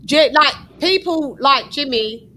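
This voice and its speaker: A woman's voice: high voice, lively intonation, takes it slowly, bright, forceful tone, a little hiss or hum. A woman from West London with a London accent, hosting a casual talk panel and chatting with lots of restarts and "you know"s. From West London, England. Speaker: host of an online talk panel. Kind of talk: casual chat.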